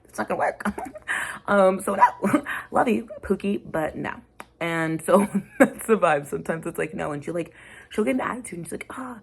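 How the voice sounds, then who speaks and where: Low, gravelly-voiced woman chatting frankly. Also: lively intonation, moderate pace. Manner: frank, rambling, slangy. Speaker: podcast host, mother. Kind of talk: casual chat.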